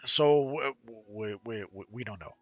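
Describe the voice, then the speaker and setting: A man's voice: fairly low pitch, measured pace, soft background music. A man co-hosting a game livestream, chatting casually and rambling, hedging with lots of uhs and restarts.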